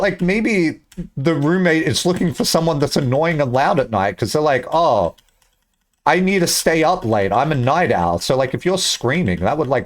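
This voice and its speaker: A young man streaming casually, rambling, swearing a lot and acting out imagined conversations. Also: fairly high pitch.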